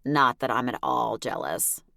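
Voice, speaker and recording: A woman's voice: a bass voice, expressive, unhurried, creaky, sharp tone, no echo, studio quality, full character voice. A woman voicing a teasing, gossipy young woman friend with a sing-song manner in an audiobook.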